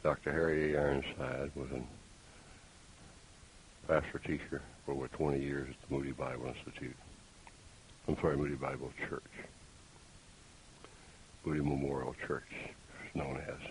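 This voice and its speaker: A man preaching a sermon, deliberate and emphatic, with pointed rhetorical questions. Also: very deep voice, little pitch movement, poor audio. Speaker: pastor. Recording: faint hiss.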